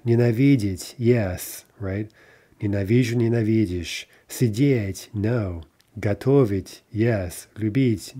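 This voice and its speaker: A man's voice: lowish voice, mellow. A man teaching a recorded language lesson over slides, explaining step by step and often checking with "right?". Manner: explanatory, frequent "right?" tag questions.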